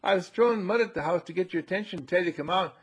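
Guy putting on a squeaky eager little kid, all excited, husky edge. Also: very fast. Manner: pleading, excited.

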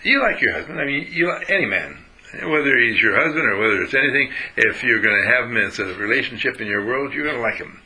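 A man's voice: medium pitch, lively intonation, quick pace, bright, forceful tone, low-quality recording. A man giving a motivational spiritual lecture, emphatic, repeating phrases and asking his listeners questions.

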